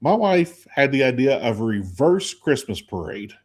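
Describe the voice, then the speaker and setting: Animated man telling stories in casual chat. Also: medium pitch, moderate pace. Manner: animated storyteller acting out quotes. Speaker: radio co-host.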